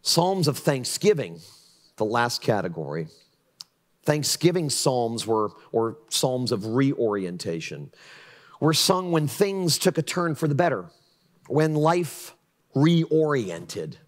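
A middle-aged man preaching a sermon as pastor in a church, swinging from pleading outbursts to hushed, reflective lows. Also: sing-song, takes it slowly. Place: church sanctuary.

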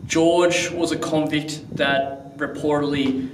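A man's voice: on the high side, steady tone, slow pace. A young man investigating a haunting outdoors, earnestly coaxing and politely questioning unseen spirits. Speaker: paranormal investigator vlogger. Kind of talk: casual ghost-hunt narration and questions to spirits. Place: outdoors at an old stone bridge. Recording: echoey, far from mic, faint noise.

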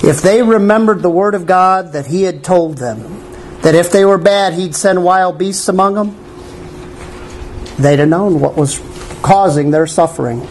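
A male pastor preaching a sermon in a church, animated, with wry asides to the congregation. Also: sits high, measured pace, a little hiss or hum, low-quality recording.

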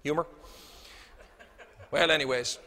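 A man's voice: fairly high pitch, unhurried. A man giving a humorous motivational keynote in a banquet hall, acting out the people in his stories. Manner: animated, acts out quoted dialogue. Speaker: motivational speaker. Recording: reverberant hall.

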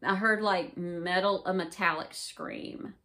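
A woman's voice: lowish voice, fairly even intonation, takes it slowly, sharp tone. A woman vlogger casually recounting an experience in a rambling, profane way, full of fillers. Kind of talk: casual first-person recounting.

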